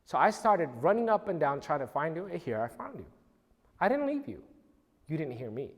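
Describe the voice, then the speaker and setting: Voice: mid-range voice, big pitch swings, a little fast, voice pushed down. A speaker voicing a mother patiently explaining to her son that she never left, in a hall with long reverb. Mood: reassuring.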